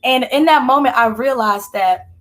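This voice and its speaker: A woman's voice: sits high, normal speed. A young woman sharing a heartfelt personal faith testimony in an earnest, conversational way. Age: young adult. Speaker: team member sharing testimony.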